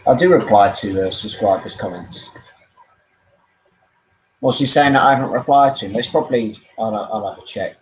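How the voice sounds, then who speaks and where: A man's voice: lowish voice, moderate pace, pauses often, a little hiss or hum, rough recording. Laid-back man chatting on a stream. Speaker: live stream host. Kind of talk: casual live stream chat.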